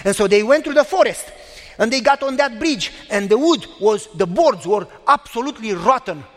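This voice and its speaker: A man in his fifties preaches in a high, light voice, building his stories with emphatic repetition and sudden pauses. His words ring out with a long reverb, as in a large church hall. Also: expressive, fairly bright tone. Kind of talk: sermon.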